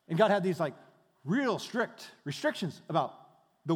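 Man preaching, swings from hushed to loud, slightly high voice, big echoey hall. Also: animated, normal speed. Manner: dynamic preaching, dropping to hushed tones then rising loud. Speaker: pastor. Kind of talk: sermon. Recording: long hall reverb.

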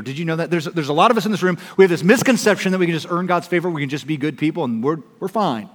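A man's voice: a little high, fast, few pauses. Preaching man in an echoing hall. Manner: emphatic, shifts between loud appeals and soft hushed pleas. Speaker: pastor. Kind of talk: sermon. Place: church auditorium. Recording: long reverb of a large hall.

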